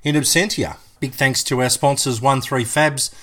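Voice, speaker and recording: A man hosting a jokey comedy podcast, excitable and laughing often. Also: medium pitch, normal speed. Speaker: podcast host.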